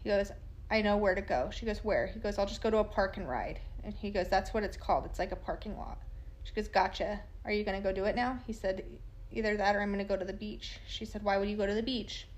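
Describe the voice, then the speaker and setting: A woman's voice: medium pitch, fast talker. A woman telling a true crime story by reading text messages aloud, in a plain, matter-of-fact way with casual asides.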